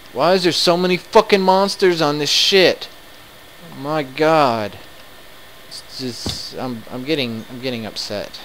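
A man commenting live on his game, excitable and quick to swear in frustrated outbursts. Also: a little high, slight background noise, low-quality recording. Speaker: let's play gamer.

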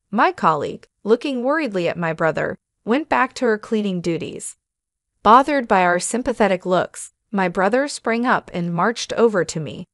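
A woman reading a first-person story aloud in scripted narration, steady and measured. Her voice is mid-pitched and recorded dry and close. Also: no room sound.

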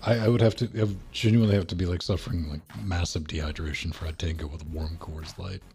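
A man's voice: low voice, fairly even intonation, quick pace, a little mellow, breathy edge, soft background music. A man co-hosting a casual podcast chat, laid-back and joking, swearing freely. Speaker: podcast co-host.

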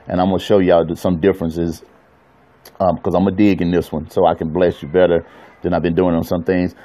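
Playful pastor chatting on a livestream. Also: male voice, low-pitched. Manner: animated, playful, talks straight to viewers. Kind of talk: casual livestream chat. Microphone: phone camera.

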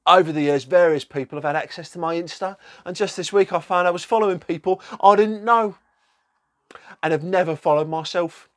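A man's voice: sits high, fairly quick, pitched above the performer's own voice, natural voice. A man reading out a post in a raised, plaintive voice, playing an indignant pregnant woman who denies any blame. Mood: aggrieved.

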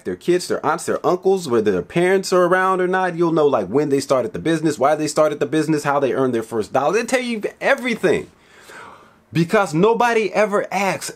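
Guy talking sales, slangy, swears, voice goes up and down a lot, keeps saying right?. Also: on the high side. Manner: talkative, acts out both sides of sales talks. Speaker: business coach. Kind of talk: casual teaching monologue.

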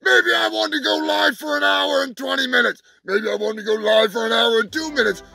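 A man doing a ranting, gravelly alien pundit. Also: sits high, quick pace. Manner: ranting, shouting, swearing, insulting. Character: brash foul-mouthed male alien pundit, loud, ranting, full of himself. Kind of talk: comedic character rant. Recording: music playing behind.

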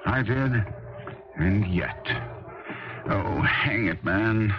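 A sharp, self-assured detective in a vintage radio drama, with a very low voice. His delivery is crisp and measured. The sound is dull and muffled, as on an old broadcast. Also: expressive, over music. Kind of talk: 1970s radio drama acting.

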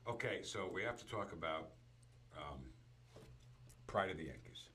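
Very deep-voiced man in casual chat. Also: moderate pace, slight background noise. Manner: storytelling, animated retelling.

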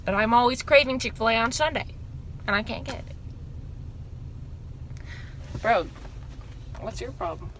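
A young woman vlogging casually as she unboxes beauty products, gushing and excitable with frequent gasps. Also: fairly high pitch, slight background noise.

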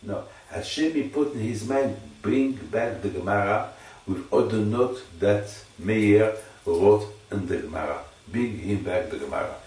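A man giving an informal Torah teaching to a listener, halting and repeating phrases for emphasis. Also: lowish voice, a little mellow. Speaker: religious teacher. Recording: echoey room, distant mic.

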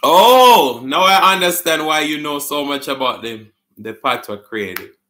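A man's voice: fairly high pitch, lively intonation, unhurried, sharp tone, a little hiss or hum. A man with a Jamaican accent hosting a casual live stream, reading viewer comments aloud, answering them and laughing often.

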